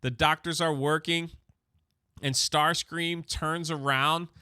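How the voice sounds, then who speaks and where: A man hosting a comic book channel, recapping an issue in a chatty, excited way and often restarting his words. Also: a little high, takes it slowly, smooth, no room sound, studio quality.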